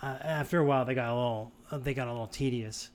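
Smooth-voiced man telling a story. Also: mid-range voice, fast. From Boston area, USA. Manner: rambling, animated storytelling with many restarts. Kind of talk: casual chat.

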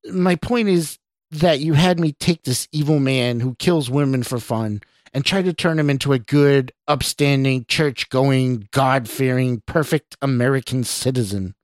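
A man's voice: medium pitch, measured pace, no echo, studio quality, voice pushed up, natural voice. A man voicing a nervous young male scientist who stammers and pleads defensively, in a story reading. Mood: explaining. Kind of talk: audio drama reading.

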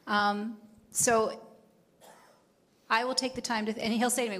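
A middle-aged woman co-hosting a casual talk about marriage with her husband, thoughtful and measured, with dry humor. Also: on the high side, fairly even intonation, fairly bright tone. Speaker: host's wife, co-host.

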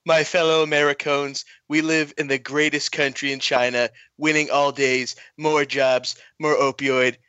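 A man's voice: on the high side, level tone, a little slow, few pauses, sharp tone, clean tone, no echo, dull audio. A man doing an impression of a boastful, rambling male president giving a grandiose speech.

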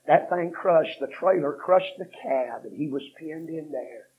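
A man preaching a fiery revival sermon, telling a story that builds from low, quick talk to shouted repetition. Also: slight background noise. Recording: dull lo-fi sermon recording.

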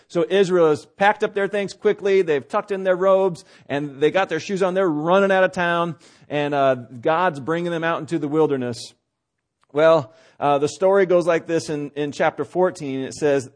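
A man's voice: on the high side, steady tone, moderate pace. A man preaching a sermon, opening with a folksy story full of fillers and restarts, then building to emphatic preaching. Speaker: pastor.

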